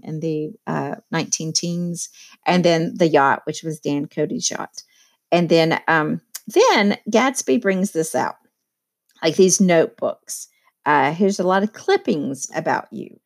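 Chatty woman teacher, lowish voice. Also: unhurried, vocal fry. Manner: conversational, many fillers and asides. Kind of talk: casual literature lesson.

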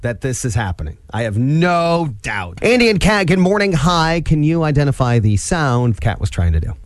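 A man's voice: a little high, sing-song, moderate pace, no echo, studio quality. A middle-aged man co-hosting a morning radio show, rambling and joking with many fillers. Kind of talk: casual radio banter. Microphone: studio microphone.

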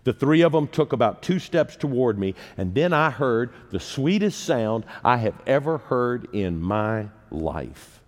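A man's voice: mid-range voice, very animated, measured pace, hardly any pauses. A man in his sixties delivering a sermon in a church, telling personal stories with humor and poking fun at himself. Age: 60s. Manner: humorous, self-deprecating storyteller. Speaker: preacher. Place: church sanctuary. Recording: long reverb of a large hall.

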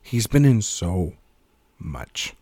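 A man's voice: deep voice, big pitch swings, extremely slow, vocal fry, dark tone, no echo. Dry, close-miked man joking around. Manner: rambling, jokey, swears freely, laughs mid-sentence. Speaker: podcast co-host. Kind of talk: casual film podcast chat.

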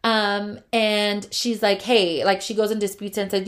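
A woman's voice: medium pitch, measured pace, few pauses, fairly bright tone. A young adult woman, a photographer, telling a heated, profane storytime rant full of fillers.

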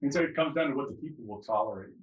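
Man, doctor, mid-pitched, rambling conversational delivery, echoey and off-mic. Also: expressive, very fast, recorded from a distance, dull audio. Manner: rambling, restarts often. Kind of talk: casual political conversation.

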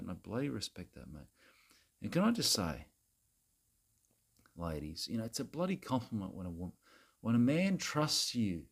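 A man's voice: lowish voice, gravelly, husky, full character voice. A man playing a crude, self-righteous Australian bloke who rants at women in a rambling, repetitive way, saying mate and bloody constantly. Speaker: comedy character monologue. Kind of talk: satirical rant to camera.

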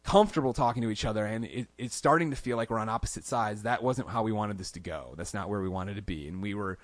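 A man's voice: lowish voice, fast talker, dry recording. A man as a podcast guest, telling stories casually in a studio and acting out quoted lines in a raised voice. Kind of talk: casual storytelling interview.

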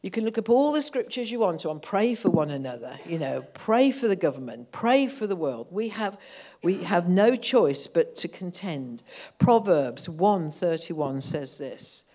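A woman's voice: lowish voice, big pitch swings, measured pace, darkish tone. A woman preaching a sermon in church, building from conversational teaching into impassioned, fervent calls. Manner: impassioned, rising to fervent outbursts.

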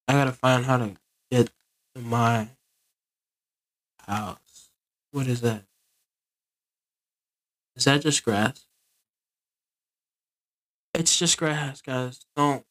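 A man's voice: medium pitch, very slow, pauses often, fairly bright tone. A man giving casual, rambling gameplay commentary and talking to his viewers. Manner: rambling, easygoing, talks to viewers. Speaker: gaming video creator.

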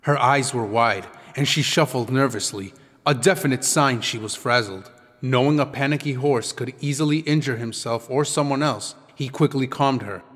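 A man reading an audiobook in a measured, descriptive storytelling manner. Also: mid-range voice, a bit bright. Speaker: audiobook narrator. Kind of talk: scripted audiobook narration. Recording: long reverb with background music.

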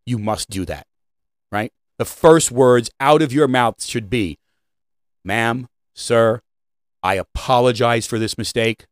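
A man's voice: no echo, studio quality. A man who trains retail staff in leadership, giving an opinionated podcast talk and checking in with "right?" and "okay?" as he goes. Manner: emphatic, with frequent "right?" and "okay?" check-ins; swings between loud high stresses and low quiet asides.

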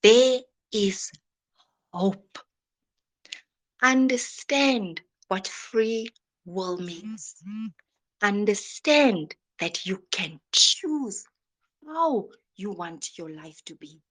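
Woman, slow unhurried delivery, dramatic faith sermon with hushed whispers. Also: mid-range voice, animated. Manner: dramatic, drops into soft whispers. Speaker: motivational speaker. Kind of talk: inspirational sermon.

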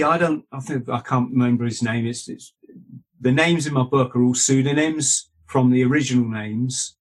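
Husky man telling stories. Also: mid-range voice, normal speed. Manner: restarts and asides, self-correcting. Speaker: guest, author. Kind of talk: rambling anecdotal storytelling.

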